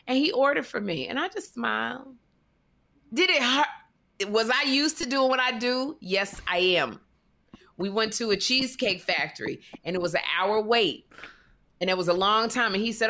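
A woman's voice: on the high side, normal speed. A woman animatedly telling a dating story on a talk show, acting out the voices of the people in it and laughing often. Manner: lively, acts out voices in her stories, laughs often. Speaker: guest telling dating stories.

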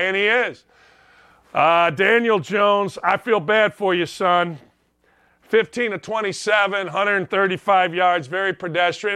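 Fired-up, high-voiced male sports host. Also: no echo, clean studio sound. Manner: loud, mocking, does whiny voices of players. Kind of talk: opinionated sports rant.

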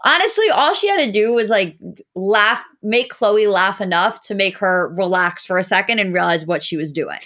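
A woman's voice: mid-range voice, lively intonation, moderate pace, fairly bright tone. A woman co-hosting a podcast, talking bluntly and emphatically in casual chat, swearing freely. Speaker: podcast co-host.

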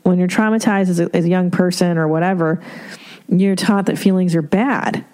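A woman's voice: on the low side, fairly even intonation, moderate pace, dark tone. A middle-aged woman hosting an advice podcast, talking candidly and profanely with laughs and rhetorical asides. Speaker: podcast host giving advice. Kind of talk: casual advice podcast monologue.

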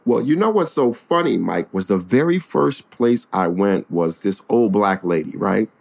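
A man who is a stand-up comedian, telling an animated comic story as a guest, acting out what people said and laughing often. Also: on the low side, moderate pace, vocal fry. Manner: lively storyteller, acts out quotes, laughs often.

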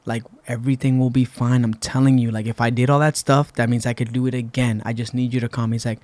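A man from Massachusetts, a podcast guest, telling a story in animated casual talk, acting out quotes and using many fillers. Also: medium pitch, quick pace. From Massachusetts, USA.

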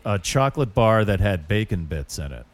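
A man co-hosting a podcast in casual banter. He jokes and rambles, and his mid-pitched voice rises and falls a lot as he tells stories. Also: moderate pace. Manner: joking, rambling, animated. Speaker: podcast co-host. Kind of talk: casual chat.

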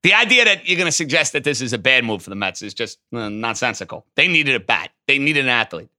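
A man hosting a call-in sports talk show, taking callers and arguing his takes emphatically. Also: mid-range voice. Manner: emphatic, animated, quick to riff. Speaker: sports radio host.

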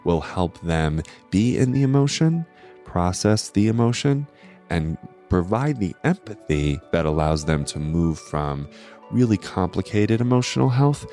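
A man's voice: sits low, big pitch swings, unhurried, warm tone, soft background music. A man giving an educational astrology talk, explaining ideas earnestly and often checking in with "right?". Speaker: astrology host.

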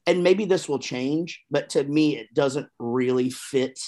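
A man's voice: medium pitch, a little slow, a little mellow. A man guesting on a podcast from a room at home over a video call, chatting in a rambling, jokey, profane way. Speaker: guest musician. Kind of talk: casual podcast chat. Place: room with gold records behind him.

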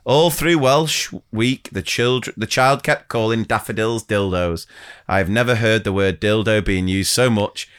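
A man's voice: fairly low pitch, a little slow, a bit bright, clean tone. A young adult man co-hosting a teachers' podcast, reading listener stories in casual chat and laughing often.

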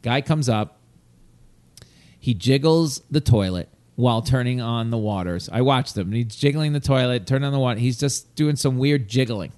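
A man from New York telling a long exasperated story in casual chat, animated and swearing. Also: mid-range voice, moderate pace.

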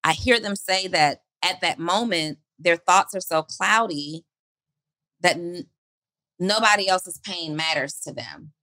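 A woman's voice: lowish voice, unhurried, bright, forceful tone, no room sound, poor audio. A woman hosting a motivational podcast, preaching through repeated rhetorical questions. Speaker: podcast host.

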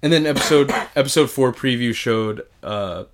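Young male co-host, loose rambling delivery, heavy swearing, frequent restarts, mid-pitched. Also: moderate pace. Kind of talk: casual chat.

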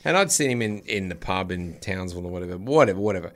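A middle-aged man with an Australian accent, a radio host chatting casually on a podcast and telling stories with animated asides. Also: low-pitched, fast. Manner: storytelling, acts out other voices.

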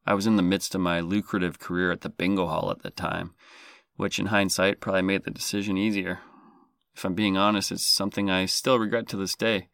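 A man's voice: sits low, level tone, brisk, creaky, a bit bright, no room sound, studio quality. A man hosting a comedy podcast, talking in a self-deprecating, jokey, sarcastic way. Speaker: podcast host.

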